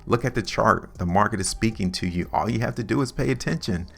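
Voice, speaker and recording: A man's voice: fairly low pitch, a little fast, vocal fry, fairly bright tone, slightly rough, faint music behind. A man hosting a stock market video, lecturing viewers over his charts with emphatic, repetitive talk. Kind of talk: chart analysis commentary.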